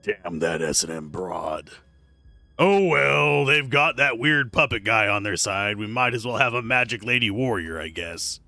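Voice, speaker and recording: A man voicing a gruff male villain, read in a scornful mutter. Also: on the low side, expressive, a little slow, bright, forceful tone, dry recording, full character voice. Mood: grumbling.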